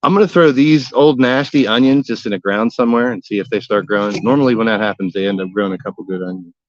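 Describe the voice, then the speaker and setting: A man hosts a casual gardening livestream from his backyard, rambling in a folksy way and cracking jokes with old sayings. His voice is fairly low and he talks fast. The recording has no echo but sounds dull.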